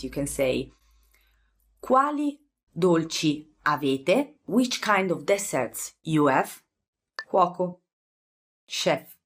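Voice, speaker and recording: Low-voiced Italian woman teaching slowly. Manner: relaxed, chatty, repeats words slowly, many fillers. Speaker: language teacher. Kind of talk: casual vocabulary lesson.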